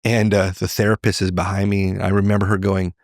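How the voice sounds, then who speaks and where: A middle-aged man, a podcast guest, telling a candid personal story in an animated way. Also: low-pitched, fast talker, dry recording, clean studio sound. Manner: animated, acts out quoted voices.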